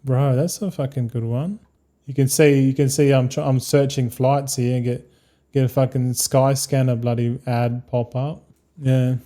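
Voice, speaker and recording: A man's voice: mid-range voice, level tone, normal speed, dark tone. Chatty Australian streamer man. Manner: rambling, swears freely, chummy slang. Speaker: game streamer. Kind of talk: casual live-stream chat.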